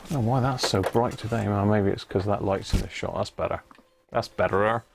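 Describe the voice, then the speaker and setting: A man's voice: fairly low pitch, brisk, vocal fry, music in the background. A man hosting a casual live stream about restoring an old radio, chatty and greeting viewers by name as he works.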